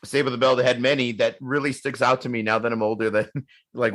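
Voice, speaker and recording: A man's voice: mid-range voice, steady tone, quick pace, a bit bright. A man co-hosting a podcast, chatting casually with a rambling, joking manner and many repeated words. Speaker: podcast co-host. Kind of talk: casual chat.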